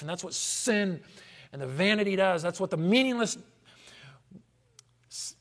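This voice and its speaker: A man with a high voice preaches in an animated yet unhurried way, stressing and repeating his points. His sermon is full of rhetorical questions, and it swings between loud declarations and soft asides.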